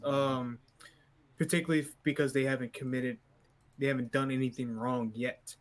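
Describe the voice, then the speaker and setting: Man, mid pitch, tabletop player, measured and deliberate. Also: fairly even intonation. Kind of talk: tabletop role-play.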